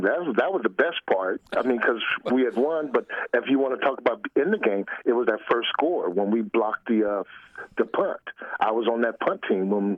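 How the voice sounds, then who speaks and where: A man's voice: lowish voice, no echo. Older man laughing through a phone line. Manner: laughs often, loose and folksy. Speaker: former football player, guest. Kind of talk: casual interview storytelling.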